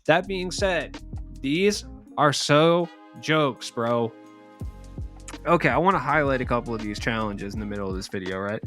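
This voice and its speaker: A man's voice: medium pitch, expressive, moderate pace, a bit bright, soft background music. A young man giving casual, rambling commentary over a video game, joking and trailing off into asides. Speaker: gaming YouTuber.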